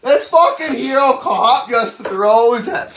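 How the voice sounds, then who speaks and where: A man's voice: very high-pitched, takes it slowly, a bit bright, a little hiss or hum. A man telling a story in casual talk, swearing constantly and laughing as he goes.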